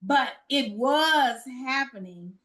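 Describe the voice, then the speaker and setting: A woman's voice: high-pitched, lively intonation, fairly bright tone. Earnest woman guest from Chicago. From Chicago, United States. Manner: earnest, with halting restarts. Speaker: podcast guest, recruitment business founder. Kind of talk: casual interview chat.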